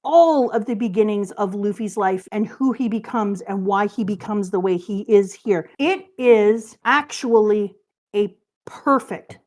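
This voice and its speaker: A middle-aged woman, a teacher, talking in an animated, earnest way in casual chat and acting out scenes with voices. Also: mid-range voice, measured pace. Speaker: guest reader, teacher.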